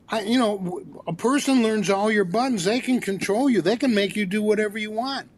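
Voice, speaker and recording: A man's voice: sits high, fairly quick, few pauses. An older man, a therapist guest, telling a story in an interview and acting out the dialogue with energy. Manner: animated storyteller, acts out dialogue.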